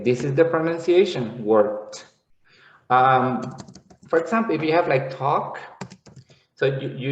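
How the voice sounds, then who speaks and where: Guy teaching pronunciation real slow, repeats sounds a lot, echoey room, kinda muffled audio. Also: mid-range voice, distant mic. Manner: patient, repetitive explaining with drawn-out sound demonstrations. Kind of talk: classroom-style lesson explanation.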